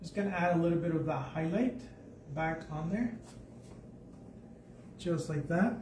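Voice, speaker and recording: Man, high voice, casual live painting instructor who muses as he works; echoey room, faint background noise. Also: a little slow, a little mellow, distant mic. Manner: chatty, thinks aloud while painting. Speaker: art instructor.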